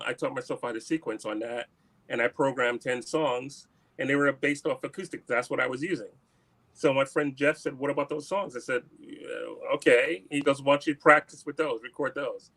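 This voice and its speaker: A man's voice: medium pitch, normal speed. A man in an interview, telling a long story in a casual way and acting out the lines of the people in it. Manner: animated anecdote-telling, acts out quoted dialogue. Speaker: musician guest.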